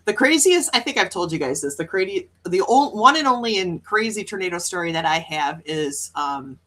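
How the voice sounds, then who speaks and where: A woman's voice: fairly low pitch, lively intonation, moderate pace, pushed and bright. A woman from Wisconsin, hosting a casual morning livestream and chatting upbeat with her viewers. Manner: chatty, upbeat, with frequent laughs. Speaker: livestream host reading chat.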